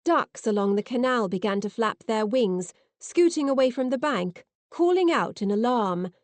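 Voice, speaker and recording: A woman narrating an audiobook in first person with lively, expressive reading, on a close mic. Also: fairly high pitch, normal speed, no room sound.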